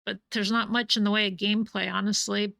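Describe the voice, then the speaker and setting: A woman's voice: medium pitch, level tone, brisk, vocal fry, pushed and bright. A woman streaming a game live, chatting casually and breaking off to scold and coo at her cats.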